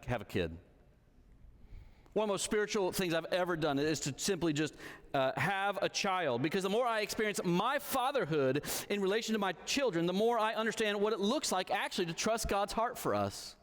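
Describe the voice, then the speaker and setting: A man in his thirties preaching in a church hall, telling a story in a relaxed, conversational way and checking in with his listeners. His voice sits a little high and moves up and down a lot, and it rings with a long hall reverb. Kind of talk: sermon.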